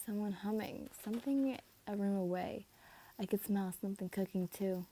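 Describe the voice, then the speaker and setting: Woman reading a fan story casually; mellow tone, stumbles and self-corrects. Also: medium pitch, steady tone, normal speed, a little hiss or hum. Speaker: reader.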